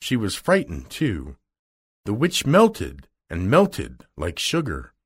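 Guy reading a kids storybook out loud, slow and swoopy, bit husky. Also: on the low side. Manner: slow, expressive read-aloud delivery. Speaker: narrator.

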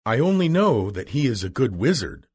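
A man voicing a kind little old woman, a gentle witch, speaking slowly and soothingly in a storybook reading. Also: mid-range voice, very animated, breathy edge. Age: over 60.

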